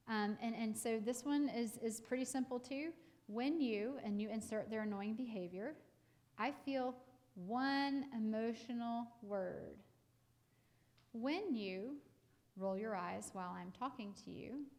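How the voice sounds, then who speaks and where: Woman, counselor addressing a group, fairly high voice, loose and chatty. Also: darkish tone. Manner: chatty, with many fillers and restarts; acts out parents and kids in quoted lines. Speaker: counselor giving a parenting talk. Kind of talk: casual live talk to a group.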